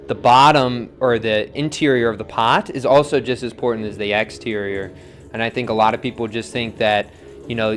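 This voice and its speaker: A relaxed young man talks viewers through his work at the pottery wheel in an easygoing, chatty way, often trailing off into soft counting. His pitch sits in an ordinary middle range, and faint music plays behind him. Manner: relaxed, chatty, reads viewer comments, counts aloud softly. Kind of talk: live-streamed pottery demo, casual teaching.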